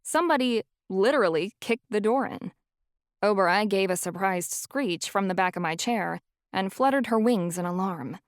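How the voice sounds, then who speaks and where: A woman narrating a first-person audiobook in an even, wry storytelling way. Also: medium pitch, moderate pace, dry recording, clean studio sound.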